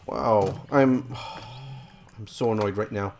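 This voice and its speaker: A man's voice: fairly low pitch, takes it slowly, darkish tone. A man giving rambling, self-mocking let's play commentary as he plays a game, groaning about his own mistakes.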